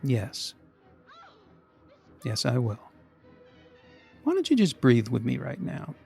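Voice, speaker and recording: A man acting out a comedy sketch as a man who forces himself to sound calm during a phone call about an overdue bill. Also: mid-range voice, faint music behind, full character voice. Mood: forced calm. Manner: hushed, breathy, deliberately slow.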